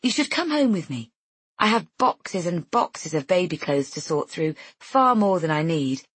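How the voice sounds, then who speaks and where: A woman's voice: on the low side, sing-song, unhurried, breathy edge, no room sound, full character voice. A woman voicing a chatty, eager pregnant young woman in an audiobook. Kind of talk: audiobook character voice.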